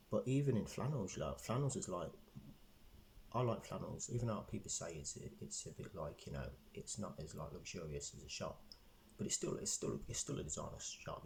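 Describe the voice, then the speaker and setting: A man's voice: low voice, creaky, a little mellow, a little hiss or hum, rough recording. A man telling a rambling storytime vlog, repeating himself with lots of fillers. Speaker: vlogger.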